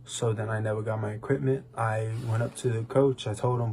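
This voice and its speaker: A man's voice: fairly low pitch, steady tone, brisk, few pauses, a little mellow. A young man co-hosting a podcast, telling his personal testimony in a rambling, casual way with many restarts. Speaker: podcast co-host.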